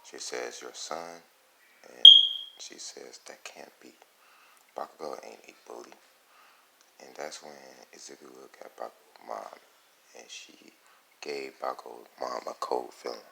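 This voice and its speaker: A man's voice: very deep voice, creaky, sharp tone, a little hiss or hum, low-quality recording. A man casually narrating a fan-made story for his channel, rambling and stopping to correct himself. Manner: rambling, self-correcting, halting. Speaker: YouTube storyteller.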